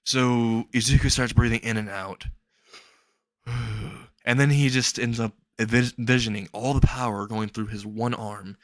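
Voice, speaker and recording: A man's voice: medium pitch, steady tone, normal speed, no room sound. Male storyteller, improvised comic narration, rambling and amused; dry, close sound. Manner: rambling, laughs at his own jokes.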